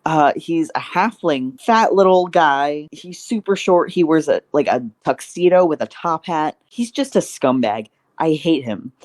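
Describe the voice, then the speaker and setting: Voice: medium pitch, lively intonation, unhurried, few pauses, no room sound. A podcast guest in casual chat, chatty and laughing often.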